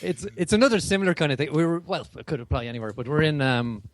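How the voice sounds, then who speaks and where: A man's voice: fairly high pitch, animated, quick pace, no room sound. A man co-hosting a casual podcast, telling anecdotes in a chatty, rambling way. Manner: chatty storyteller with many restarts. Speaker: podcast co-host. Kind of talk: casual chat.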